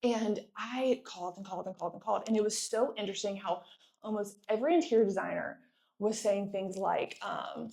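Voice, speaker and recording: A pregnant woman in her thirties giving a lively sales training talk to a live audience, often asking them to answer back. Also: mid-range voice, normal speed, vocal fry. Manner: energetic, playful, asks audience for responses.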